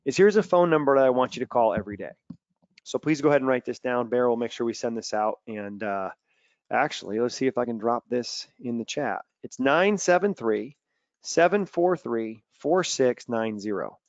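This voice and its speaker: A man coaching athletes in a lively webinar talk, telling stories and acting out quotes loudly. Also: medium pitch, moderate pace, dry recording, highs cut off. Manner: animated storytelling with loud acted-out quotes. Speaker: mental performance coach. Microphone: video call.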